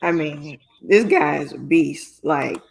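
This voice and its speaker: A podcast co-host in casual sports chat, with slow, drawn-out, animated reactions. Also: mid-range voice, creaky, slightly rough.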